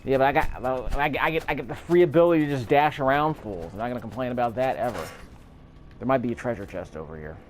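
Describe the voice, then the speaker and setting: Talking fast in a medium-pitched voice, a gameplay commentator chats casually over his game, rambling and revising what he says. A little hiss or hum runs through the audio.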